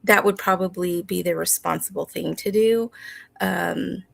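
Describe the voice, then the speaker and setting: A woman chats through a livestream from home, replying to her viewers at a leisurely, drawn-out pace. Her fairly low voice has a gravelly, fry-laced texture. The sound is dry and close, with no room echo. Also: steady tone. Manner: unhurried, reads viewer comments aloud and replies. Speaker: livestream host. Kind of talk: casual livestream chat.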